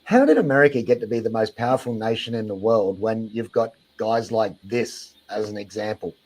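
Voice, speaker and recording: A man's voice: lowish voice, lively intonation, brisk, a little mellow, rough recording. A man with an Australian accent giving sarcastic reaction commentary on a video, mocking and exasperated, swearing freely.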